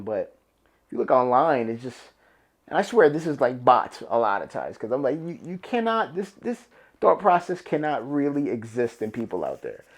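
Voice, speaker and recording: A young man with a New York accent, hosting a solo podcast in a loose, rambling, profane, emphatic way. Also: mid-range voice. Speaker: podcast host. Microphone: camera and podcast mic.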